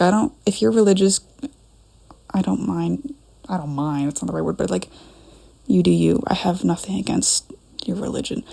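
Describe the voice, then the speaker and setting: Chatty young woman with a gravelly voice. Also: on the low side, mellow. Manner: chatty, scattered, talks to herself. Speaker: fan fiction vlogger. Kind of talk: casual rambling vlog. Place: dim room at home. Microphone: camera.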